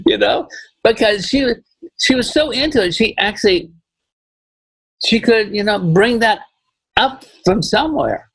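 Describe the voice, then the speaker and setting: A man's voice: sits high, expressive, slow pace, vocal fry, pauses often, husky, no room sound, poor audio. A man talking as a film director in a casual podcast interview, rambling and repeating phrases with many "you know"s.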